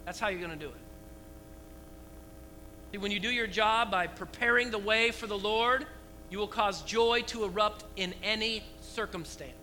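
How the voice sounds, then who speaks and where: Bright high-voiced male pastor preaching. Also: normal speed, pauses often, a little hiss or hum, poor audio. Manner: animated preaching with rhetorical questions. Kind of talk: sermon.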